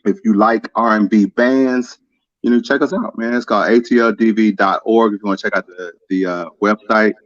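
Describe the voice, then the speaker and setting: A man with a fairly low voice talks casually as a guest. He sounds relaxed and hesitant, and his audio is dull and muffled but dry. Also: brisk, no room sound. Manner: relaxed, hesitant, with many fillers. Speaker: guest musician. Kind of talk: casual live-stream chat.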